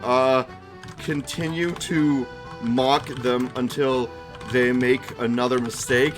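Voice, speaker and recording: A man's voice: medium pitch, fairly even intonation, takes it slowly, music in the background. A man running a tabletop game on a live stream, narrating animatedly, giggling, and chatting with his viewers.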